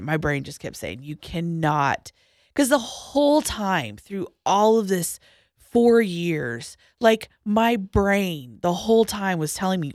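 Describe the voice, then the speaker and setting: A young woman telling a personal story as a podcast guest, halting, with restarts and pauses, going quiet at the hardest parts. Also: fairly low pitch, gravelly, no echo, clean studio sound. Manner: halting, with frequent restarts and trailing-off lines, dropping quiet at hard moments.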